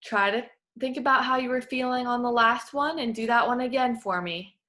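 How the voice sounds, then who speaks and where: A woman's voice: fairly high pitch, moderate pace, pushed and bright. Encouraging woman voice clinician. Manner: patient, encouraging, instructive. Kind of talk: clinical voice therapy session.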